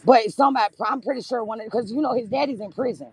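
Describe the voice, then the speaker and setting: Impassioned gravelly-voiced woman livestreaming. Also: a little high, quick pace. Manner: impassioned, addresses viewers as y'all. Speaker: livestream host. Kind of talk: emotional livestream talk to viewers.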